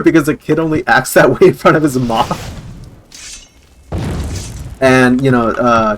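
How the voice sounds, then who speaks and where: A male streamer chats casually, rambling through a story with plenty of filler words and chuckles. His pitch sits in the middle range, with a faint hum of background noise.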